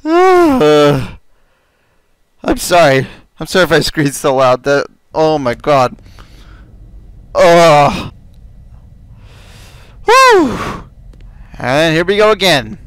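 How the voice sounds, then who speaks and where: A man's voice: on the high side, huge pitch swings, extremely slow, long pauses, fairly bright tone, clean tone, no echo. A man giving let's play commentary, chatting to game characters and yelping when chased. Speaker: gaming video creator.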